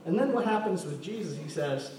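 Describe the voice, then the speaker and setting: A man's voice: sits high, expressive, fairly quick, dark tone. A man preaching a sermon in a church, joking and asking the congregation questions. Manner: playful, jokes and asks the congregation questions. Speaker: pastor. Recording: echoey hall from far off, faint noise.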